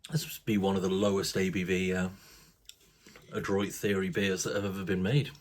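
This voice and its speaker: A man's voice: deep voice, flat delivery, normal speed. A man casually reviewing a craft beer, chatty and rambling, with casual swearing.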